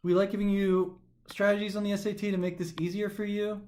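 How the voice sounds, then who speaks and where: A man teaching a recorded grammar lesson for a test, talking animatedly and slowing down to stress the pauses as he reads sentences aloud, sometimes tripping over his words. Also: high voice. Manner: animated, emphatic, slows down to stress pauses when reading aloud. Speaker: test prep instructor.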